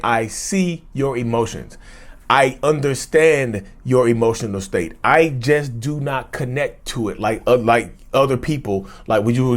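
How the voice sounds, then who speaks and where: A man hosting a mental health vlog, talking loosely to his viewers, repeating and restarting phrases and calling them y'all. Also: medium pitch. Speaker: mental health vlogger and host. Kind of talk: casual direct-to-camera monologue.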